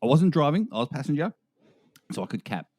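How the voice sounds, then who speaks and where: A man's voice: a little high, very animated, brisk, warm tone, no echo, studio quality. A man with an Australian accent co-hosting a podcast, chatting casually and joking around with his co-host. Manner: jokey, chatty, says mate often.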